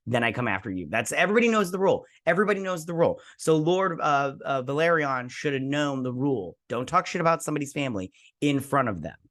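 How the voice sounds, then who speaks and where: A man's voice: mid-range voice, fairly bright tone. Rambling, tired man recapping a TV episode. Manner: rambling, loose, slangy retelling. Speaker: TV review host.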